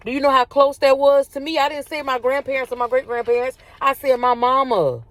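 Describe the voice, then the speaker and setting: A woman, talking casually about faith to her viewers, animated and repetitive, calling them y'all. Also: sits high, brisk. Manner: animated, repeats herself, addresses viewers as y'all. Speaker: faith video host. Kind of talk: casual spiritual talk to viewers.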